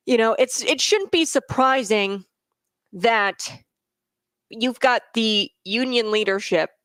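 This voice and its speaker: A woman's voice: mid-range voice, no room sound. A woman hosting a political commentary show, talking in a casual monologue with many fillers and restarts, and answering viewer comments.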